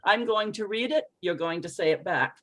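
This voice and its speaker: Female English coach for an online class call; expressive, encouraging, reads lines aloud for students to echo. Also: mid-range voice, moderate pace. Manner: expressive, encouraging, models phrases for repetition. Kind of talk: online group pronunciation lesson.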